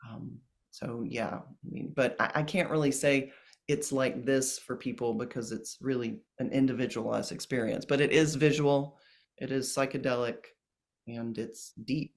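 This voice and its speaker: Soft-spoken earnest guy chatting as an interview guest, lots of um and restarts, middle pitch. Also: fairly even intonation, moderate pace, creaky. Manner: gentle, earnest, with many fillers and restarts. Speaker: plant medicine ceremonialist guest. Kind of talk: casual interview talk.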